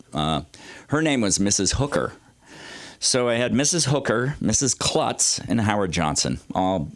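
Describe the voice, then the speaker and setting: A man in his sixties doing stand-up storytelling at an open mic, rambling and loose, with salty language and lots of filler words. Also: no room sound. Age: 60s. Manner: swings his pitch widely for comic effect. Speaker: comedy teacher performing at an open mic.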